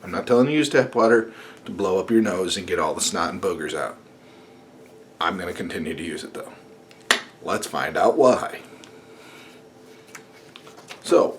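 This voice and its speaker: A man's voice: deep voice, expressive, moderate pace, long pauses, a little hiss or hum. A man vlogging casually at home at night, rambling, joking and swearing as he reads notes to the camera. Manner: rambling, sarcastic, swears and jokes.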